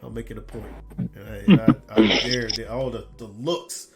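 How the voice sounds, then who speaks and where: A man hosting a gaming podcast, chatting casually and telling animated, profane stories in which he loudly imitates other people. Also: mid-range voice, normal speed, creaky, over music. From Detroit area. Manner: animated storyteller, swearing, loudly imitating callers. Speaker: podcast host. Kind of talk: casual chat.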